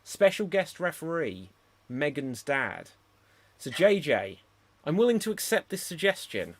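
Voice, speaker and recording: A man hosting a live online improv show, talking in a chatty, easygoing way. He fumbles and corrects himself cheerfully, and his voice sits slightly high. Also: big pitch swings, a little slow, no echo. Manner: chatty, self-correcting, laughing at his own mix-ups. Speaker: host.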